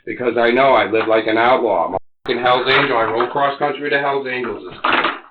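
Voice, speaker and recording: A man in his forties under police interrogation, ranting and cursing, swinging between loud outbursts and low mutters. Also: a little fast, heavy background noise. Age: 40s. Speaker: interrogation suspect. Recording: echoey, muffled interrogation room recording.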